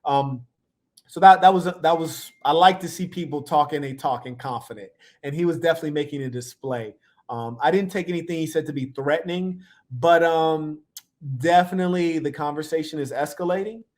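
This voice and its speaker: A man talks over clips in a relaxed, joking reaction style. He tells stories with lots of slang and a playful edge. His voice sits a little high for a man. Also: fairly quick. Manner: playful, animated storytelling with slang. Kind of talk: casual reaction commentary.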